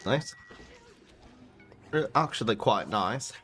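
A man giving casual, excitable commentary while playing a card video game, breaking into sudden exclamations. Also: mid-range voice, slow. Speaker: gaming YouTuber.

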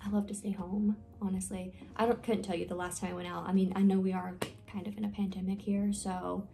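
A young woman chats through a get-to-know-me vlog, rambling and joking at her own expense. Her voice is dark and mellow with a gravelly edge, and faint music plays underneath. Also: mid-range voice, little pitch movement, brisk. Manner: rambling, filler-heavy, self-deprecating. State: nervous, with hiccups. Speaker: vlogger.

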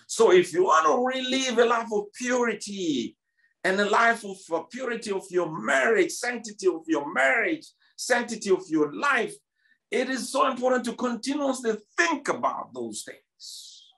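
A South African man in his fifties, a pastor preaching a sermon in church, emphatic and repetitive, restarting his words often. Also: sits high.

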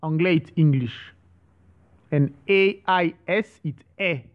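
A man giving an online French lesson, speaking slowly and repeating each word, with some hesitant restarts. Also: fairly high pitch, dull audio. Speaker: French teacher.

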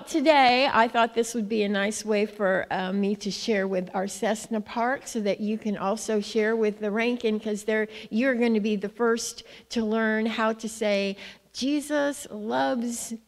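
A woman's voice: a little high, in a large hall. A woman missionary giving a playful children's-moment lesson to a church congregation, coaxing them to repeat after her. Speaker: guest missionary speaker. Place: church sanctuary.

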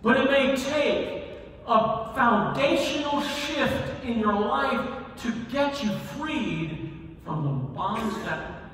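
A man's voice: extremely high pitch, animated, takes it slowly, a little hiss or hum. Man preaching in an echoey hall. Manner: storytelling, wide swings between loud emphasis and quiet asides. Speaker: pastor. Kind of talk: sermon. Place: church sanctuary. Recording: echoey hall, from far off, faint ambience.

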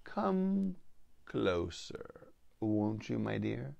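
A man voicing a sly wild female mountain lion, a mother, in a coaxing, hushed, low way in a spoken story. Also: big pitch swings, extremely slow, vocal fry, dry recording, muffled recording, full character voice.

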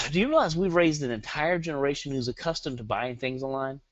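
With a Southern accent and hyperactive energy, a man leads a live online marketing webinar, firing off rhetorical questions to his audience. His mid-range voice moves fairly quickly, captured with no echo and with the highs cut off.

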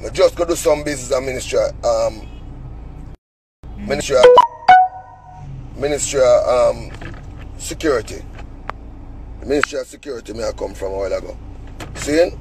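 A man's voice: mid-range voice, moderate pace, long pauses, music in the background, poor audio. A Jamaican man telling a story as an angry, cussing rant in heavy patois, sitting in a car. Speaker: vlogger.

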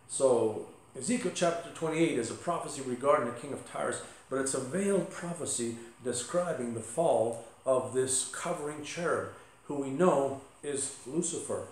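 A man's voice: medium pitch, moderate pace, slight background noise. Man preaching in an echoey church. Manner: conversational preaching with asides and humor. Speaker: pastor. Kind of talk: sermon. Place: church sanctuary.

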